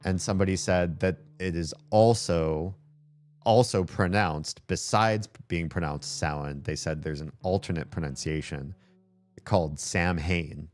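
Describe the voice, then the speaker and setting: With a low, slightly mellow voice, a man streams a game and chats at a measured pace. His talk is casual and rambling, heavy on fillers, over faint background game music.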